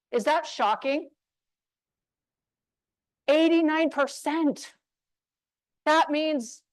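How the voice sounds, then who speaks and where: A woman from New Mexico giving a motivational talk on voice skills to a live audience, emphatic and punchy with deliberate pauses. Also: high-pitched, smooth, no room sound, rough recording. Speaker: speaker on voice skills. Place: room with an audience.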